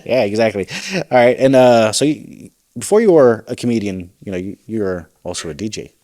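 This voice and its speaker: A man's voice: lowish voice, animated, fairly quick, warm tone. A man hosting an interview, asking eager questions full of fillers and restarts. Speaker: interview host. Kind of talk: casual interview chat.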